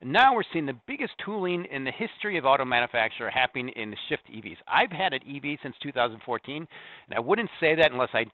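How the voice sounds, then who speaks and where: A middle-aged man from the Corn Belt, a commodity strategist giving a market interview, talking fast with numbers and frequent restarts. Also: medium pitch, big pitch swings, dry recording. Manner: fast, data-heavy, restarts mid-sentence. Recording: tinny phone-like line, dry.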